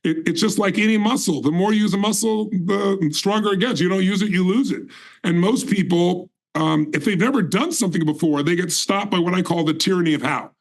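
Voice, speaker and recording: A man's voice: high-pitched, brisk, low-quality recording. A man in his sixties telling his life story in an emphatic, intense way as a guest in a conversation. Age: 60s.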